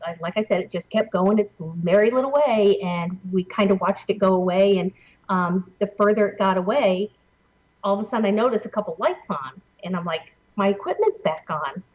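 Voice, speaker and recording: Brief: chatty, excitable woman interview guest, mid-range voice, lo-fi sound. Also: medium pitch, moderate pace. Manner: excited, chatty, laughs often, many fillers. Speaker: interview guest, paranormal investigator. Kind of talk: animated storytelling in an interview.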